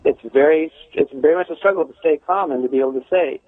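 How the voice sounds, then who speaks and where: Calm man explaining over a phone line. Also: a little high, quick pace, no room sound. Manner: calm, explanatory, acts out example phrasings. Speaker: expert guest. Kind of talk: radio phone interview.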